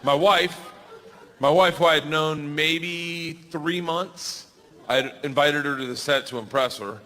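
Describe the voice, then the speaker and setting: A man in his forties telling a stand-up story, animated and yelling his punchlines, on a stage mic. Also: fairly high pitch, measured pace, slight background noise. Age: 40s. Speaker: stand-up comedian. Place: large comedy venue. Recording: live stage mic with hall reverb and faint ambience.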